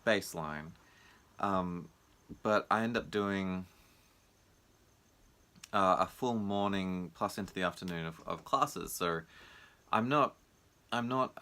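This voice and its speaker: A man who teaches martial arts records a musing, casual video diary, voicing other people's remarks loudly as he acts them out. His voice is on the low side, pushed and bright.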